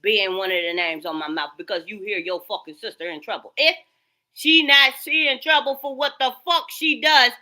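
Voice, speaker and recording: A woman's voice: fairly high pitch, steady tone, moderate pace, bright, forceful tone. A woman recording herself on her phone in an agitated, profane, repetitive rant. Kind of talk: profane ranting monologue.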